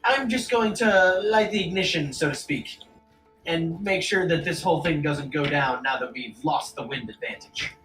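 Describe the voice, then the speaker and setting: A game master voicing a calm, curt male goblin mage who brushes off questions. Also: mid-range voice, moderate pace, echoey room, recorded from a distance, soft background music, natural voice, rough recording. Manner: curt, dismissive.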